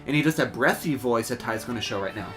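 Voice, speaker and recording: A man's voice: medium pitch, fast talker, over music. Chatty man in casual band talk. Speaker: podcast guest, band member. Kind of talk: casual chat.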